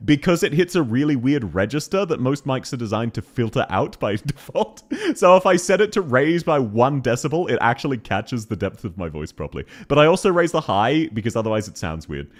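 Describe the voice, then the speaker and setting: A man streaming a game live, chatting excitedly with viewers and giggling often. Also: medium pitch, fairly quick. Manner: excitable, giggly, reacts to chat messages.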